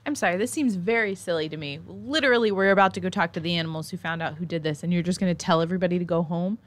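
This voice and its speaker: A woman's voice: on the low side, rapid-fire. A woman playing a tabletop game, talking in a chatty, incredulous way. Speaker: player. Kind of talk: in-character tabletop play.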